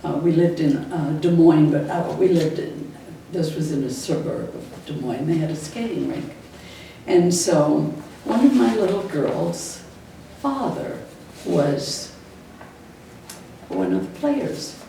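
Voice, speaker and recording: A woman's voice: low-pitched, expressive, slow, vocal fry, warm tone. An older woman, a retired school teacher, fondly recalling stories from her classroom, chuckling now and then. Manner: fond storyteller, often chuckling. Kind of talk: personal reminiscence. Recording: echoey room, distant mic, faint noise.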